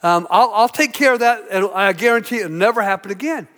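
A flustered pet store manager apologizes over and over in a lowered voice, as a preacher acts him out. Long hall reverb hangs behind him. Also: male voice, brisk, a bit bright. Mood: apologetic.

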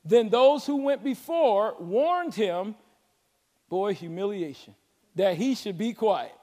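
A man preaching a sermon as pastor, with a Southern American accent and call-and-response delivery that builds to shouts. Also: high voice, lively intonation, slow. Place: large church sanctuary. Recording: long hall reverb.

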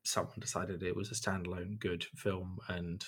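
A man's voice: sits low, level tone, moderate pace, fairly bright tone, slightly rough. A man co-hosting a podcast in casual chat, laid-back, often answering with brief agreeing remarks. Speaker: podcast co-host. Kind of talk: casual chat about video games.

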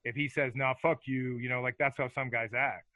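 Profane, bright-voiced former hockey fighter. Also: male voice, medium pitch, steady tone, a little fast, dry recording. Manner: profane, rambling, laughs through stories. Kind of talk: casual storytelling interview. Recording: dull lo-fi dry sound.

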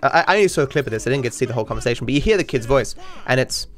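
A man's voice: medium pitch, lively intonation, racing, soft background music. A man hosting a podcast, telling a story in a loose, rambling way, with many restarts and casual swearing. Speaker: podcast host and streamer.

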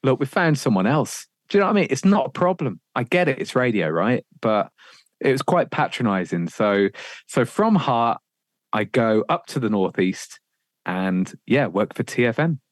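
A man, a radio presenter, telling career stories in a casual podcast chat, animated, swearing freely and laughing often. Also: mid-range voice, moderate pace, no room sound, clean studio sound.

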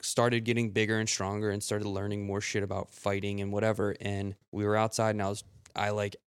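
A man's voice: little pitch movement, brisk, clean tone, no room sound, clean studio sound. Rambling, swearing man telling stories. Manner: rambling storyteller, swears often, jumps up in pitch when quoting. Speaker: podcast co-host. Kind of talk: casual chat.

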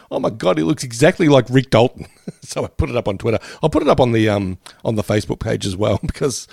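Chuckling man with a gravelly voice. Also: mid-range voice, a little mellow, no echo, clean studio sound. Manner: laughing often, chatty, swearing. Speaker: podcast co-host. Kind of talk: casual chat.

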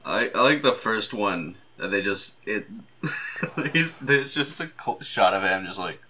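A man's voice: fairly low pitch, lively intonation, unhurried, pushed and bright. A man co-hosting a podcast in casual comedic chat, making dry jokes and laughing at his own bits. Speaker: podcast co-host.

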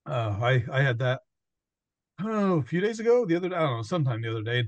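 A man's voice: medium pitch, big pitch swings, fast talker, dry recording, lo-fi sound. Chatty, rambling male podcast host. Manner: rambling, laughing often, quotes himself and others. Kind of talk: casual chat.

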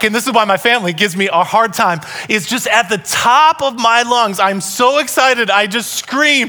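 A man in his thirties preaching a Christmas sermon to a live congregation, telling stories with loud bursts and soft asides. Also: very high voice, normal speed, hardly any pauses. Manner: animated storytelling, shifting between loud bursts and soft asides. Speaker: pastor. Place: church hall, live congregation.

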